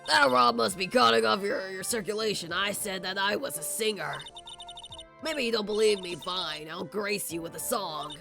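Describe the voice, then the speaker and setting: A woman's voice: mid-range voice, moderate pace, creaky, over music, close to an everyday voice. A woman voicing a rude male ventriloquist puppet in a put-on country accent, mocking and insulting. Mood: smug. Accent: attempted country accent.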